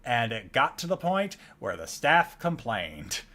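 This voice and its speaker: A man's voice: medium pitch, big pitch swings, a little slow, sharp tone. A man co-hosting a casual chat, telling trip anecdotes over his own video footage with a chatty, laughing manner. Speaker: co-host.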